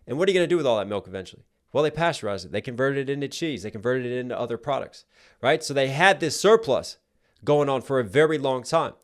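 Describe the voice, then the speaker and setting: A man talking casually as he breaks down rap lyrics, explaining each point and often checking in with "right?". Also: medium pitch. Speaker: rapper reacting to a song. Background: song playing faintly underneath.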